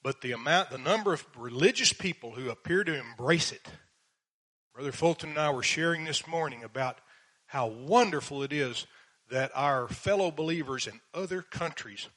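A man's voice: mid-range voice, a bit bright. A man preaching a verse-by-verse Bible sermon in a church, earnest and emphatic, reading scripture in old King James English.

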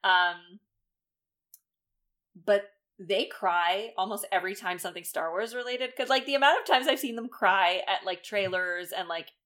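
A woman co-hosting a podcast in casual chat. She talks in a loose, rambling way, laughing often and filling pauses with ums. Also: medium pitch, a bit bright. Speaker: podcast co-host.

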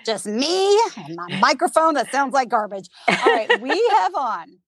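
A woman's voice: on the high side, sing-song, normal speed, a bit bright, husky, no echo. A woman co-hosting a podcast in casual chat, chatty, rambling and self-mocking. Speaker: podcast co-host.

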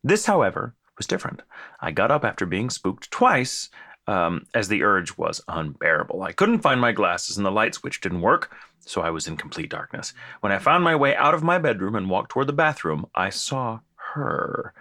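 A man's voice: lowish voice, normal speed, no room sound, clean studio sound. A man co-hosting a casual podcast, reading listener ghost stories aloud with frequent laughs and stumbles. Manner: animated, laughs often, stumbles while reading.

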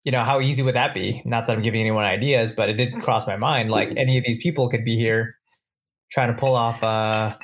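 A man chatting casually, thinking aloud and pausing with fillers. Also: medium pitch, fairly even intonation. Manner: musing, hesitant with fillers. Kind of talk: casual chat.

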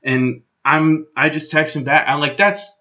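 Young man, fairly high bright voice, swearing rant, dull lo-fi recording. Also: level tone, a little slow. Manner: profane, exasperated, ranting. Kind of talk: casual storytelling rant. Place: room at home.

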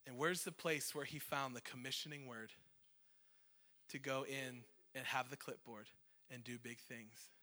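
A man's voice: medium pitch, steady tone, unhurried, bright, forceful tone. A man in his thirties, a worship leader, preaching a conversational, emotional sermon with self-deprecating asides.

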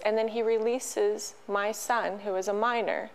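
A middle-aged woman telling a personal story as an interview guest, halting and emotional, with many restarts. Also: mid-range voice, fairly even intonation, rough recording. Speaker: podcast guest.

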